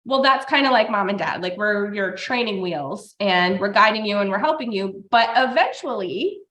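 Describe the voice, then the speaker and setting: Chatty mom in an echoey room. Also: female voice, mid-range voice, animated, moderate pace, fairly bright tone. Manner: chatty, telling personal stories. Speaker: podcast co-host, mother. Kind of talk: casual conversational chat.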